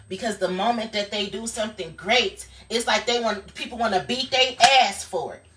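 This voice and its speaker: A woman's voice: fairly high pitch, moderate pace, few pauses, bright, forceful tone, distant mic. A woman streaming live, giving a blunt, profane motivational talk in a casual, preachy way.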